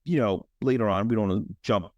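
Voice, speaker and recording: A man's voice: fairly low pitch, fast talker, no echo, highs cut off. A man co-hosting a podcast, casually recapping a movie and acting out the characters' lines. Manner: animated, acts out characters' lines in exaggerated voices. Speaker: podcast co-host.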